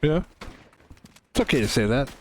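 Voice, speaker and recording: A man's voice: mid-range voice, expressive, moderate pace, slight background noise. A man from the United States rambling casually while streaming a game, often trailing off, restarting and laughing.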